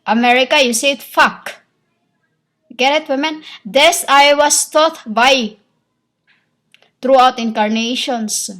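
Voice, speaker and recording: A woman giving a rambling spiritual monologue as a self-styled prophetess, halting, full of pauses and repeated phrases, in an insistent, lecturing tone. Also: high voice, a bit bright.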